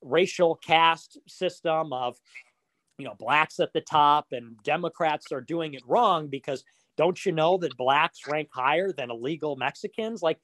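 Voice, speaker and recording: A man with a slightly high voice talks through a casual podcast chat. He rambles and swears, trails into fillers, and throws in mocking asides. The recording is close and dry, with no room sound. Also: measured pace, a bit bright, no echo.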